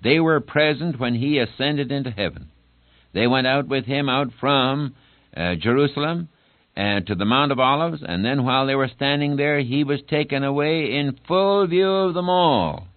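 A man preaching a sermon in an earnest, emphatic way, slowing down to press home key words. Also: mid-range voice, animated, no room sound. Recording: dry, tinny phone-like old recording.

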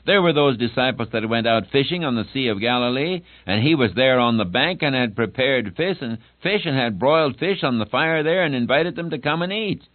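An earnest male preacher delivers a sermon with steady emphasis, dragging out key words to drive them home. The recording is thin and tinny like a phone line, and dry with no room sound. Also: mid-range voice, fairly quick, few pauses, no echo.

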